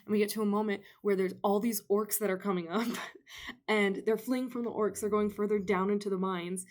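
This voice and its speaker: A woman's voice: mid-range voice, steady tone, fairly quick, a little mellow. A young adult woman chatting about a book she loves, gushing and rambling with many fillers and sounding out of breath. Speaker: book vlogger. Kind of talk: excited casual book chat.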